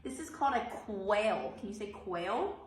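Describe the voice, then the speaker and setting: A woman teacher reading a picture book aloud and giving teaching tips, in an animated sing-song way with exaggerated yawns. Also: medium pitch, moderate pace, roomy sound. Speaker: early childhood teacher.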